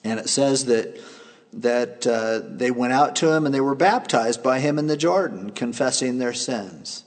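A man's voice: mid-range voice, a little slow. A man preaching a sermon as a pastor, explaining scripture in a casual, plain-spoken way. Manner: conversational, explains scripture in plain everyday terms. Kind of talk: expository sermon. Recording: long reverb of a large hall.

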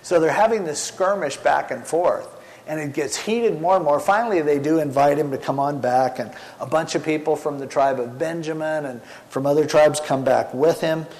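A man's voice: on the high side, normal speed, a little mellow. A middle-aged man, a pastor, preaching a casual sermon and retelling a Bible story in chatty, slangy everyday language. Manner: colloquial and chatty, slangy paraphrase. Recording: long hall reverb.

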